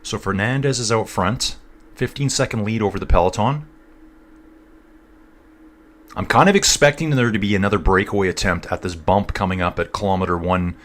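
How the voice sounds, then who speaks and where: A middle-aged man talks through a live stream of a cycling race in a loose, rambling way. He keeps drifting off topic and calls his viewers "guys" and "dude". His voice sits on the low side. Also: normal speed, long pauses, fairly bright tone. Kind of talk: casual live-stream commentary, chatting with viewers.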